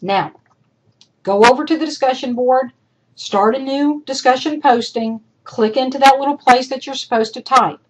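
A woman college instructor giving recorded feedback to her students. She talks directly and chattily, repeating her points for emphasis, and her voice is going hoarse. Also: high voice, normal speed, rough recording. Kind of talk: recorded lecture feedback over screen demo.

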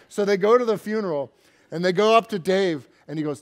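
A man giving a keynote as a poet, reading his poems in a measured way, with line ends that fall quiet. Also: sits high. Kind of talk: poetry reading.

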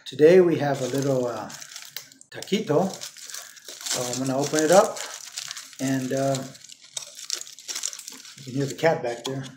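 A man's voice: mid-range voice, unhurried, pauses often, echoey room, background noise. A man making a casual solo vlog, rambling with many fillers and repeats while he eats and talks with his mouth full. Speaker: vlogger.

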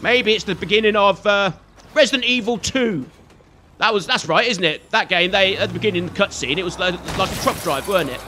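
Man, high bright voice, playful running commentary over gameplay, banters at enemies. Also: fairly quick, slight background noise. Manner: chatty, jokey, scolds enemies on screen. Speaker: gaming video host. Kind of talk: let's play commentary.

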